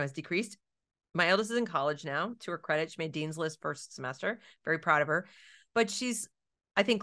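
Animated middle-aged woman telling stories. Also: fairly low pitch. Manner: animated, acts out quoted voices. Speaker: education consultant, interview guest. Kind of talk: storytelling in an interview.

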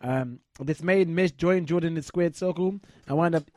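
A man's voice: a little high, normal speed, warm tone, no room sound. A man hosting a wrestling chat show and interviewing a guest, eager and rambling with lots of fillers.

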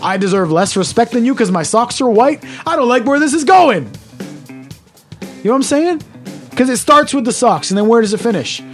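Ranting Canadian man, high-pitched. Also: expressive, brisk, soft background music. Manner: loud, ranting, heavy swearing. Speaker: podcast co-host. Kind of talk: casual podcast banter.

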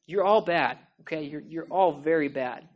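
A woman pastor preaching a sermon in a church, passionate and pleading, often shouting, with a chatty, conversational manner. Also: sits low, normal speed, muffled recording. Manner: impassioned, yelling and pleading; conversational, with frequent "like" and "okay?".

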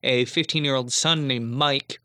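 Man, podcast co-host, bright tense voice, chatty plot-summary delivery. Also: mid-range voice, fairly even intonation, unhurried, no room sound. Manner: laughs often, loose filler-heavy recap. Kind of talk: casual chat.

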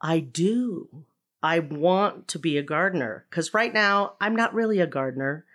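Lower-voiced middle-aged actress telling stories. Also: female voice, unhurried. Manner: animated storyteller, laughs often. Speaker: guest, stage actor. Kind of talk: casual conversational interview.

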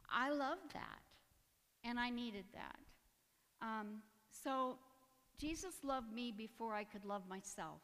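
A woman's voice: a little high, slow, a bit bright, big-room sound. A woman giving a personal testimony in church, earnest and emotional, with nervous little laughs. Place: church sanctuary.

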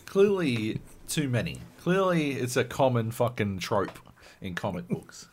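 A man co-hosting a podcast, chatting casually, animated and swearing often with bursts of laughter. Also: medium pitch, unhurried, a little hiss or hum. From Australia. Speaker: podcast co-host. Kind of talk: casual chat.

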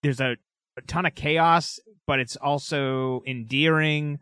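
A man's voice: a little high, steady tone, takes it slowly, pushed and bright, smooth, no echo, studio quality. A man co-hosting a podcast, chatting loosely and with emphatic enthusiasm. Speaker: podcast co-host. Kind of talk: casual chat.

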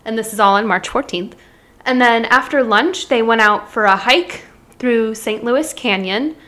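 A woman from Illinois with a fairly high voice co-hosts a casual true-crime podcast. She narrates the case in a chatty, easygoing way, breaking into laughter often. Her delivery stays conversational rather than formal. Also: unhurried, fairly bright tone. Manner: storytelling, chatty, laughs easily. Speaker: podcast co-host.

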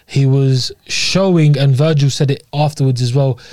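Relaxed man in casual sports chat. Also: mid-range voice, normal speed, dry recording. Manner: relaxed, rambling, many fillers. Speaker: podcast co-host.

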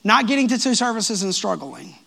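A man preaching a sermon as pastor of his church, lively and joking with the congregation. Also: high voice, a little fast, gravelly. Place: church sanctuary.

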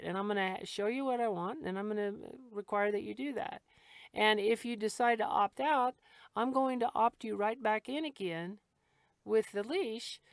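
A woman's voice: a little high, no room sound, clean studio sound. A middle-aged woman, a dog trainer, talking frankly and casually, laughing easily as she explains her methods.

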